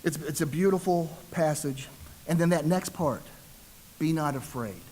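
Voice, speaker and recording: A man's voice: on the high side, unhurried, darkish tone, rough recording. A man preaching a sermon as a ruling elder, telling the story conversationally and acting out the voices in quotes.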